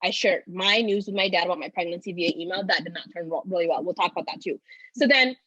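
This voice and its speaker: A woman's voice: fairly low pitch, fast, bright, forceful tone, dry recording, highs cut off. A woman in her twenties, teary and rambling, telling a personal story with many "like"s. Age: 20s. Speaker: guest.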